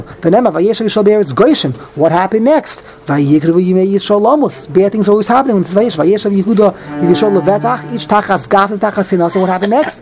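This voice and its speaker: Fast, high-voiced man teaching Talmud. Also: darkish tone, low-quality recording. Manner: rapid, mixes Hebrew phrases with English explanation, frequent restarts. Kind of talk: Talmud class lecture.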